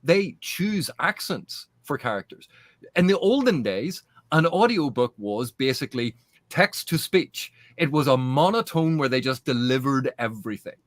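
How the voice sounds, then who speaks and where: A man's voice: medium pitch, lively intonation, moderate pace, no echo. A man in a casual podcast panel discussion, making his points earnestly and emphatically, often restarting mid-phrase. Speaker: podcast guest.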